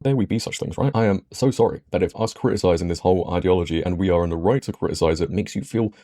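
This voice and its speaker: A man giving sarcastic, exasperated video commentary, his voice a bit hoarse. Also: low-pitched, quick pace, dark tone, dry recording. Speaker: commentary YouTuber.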